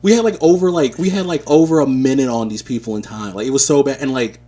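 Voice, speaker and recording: A man co-hosting a podcast, telling stories in a casual, animated, slangy way. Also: medium pitch, fast. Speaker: podcast co-host. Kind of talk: casual chat.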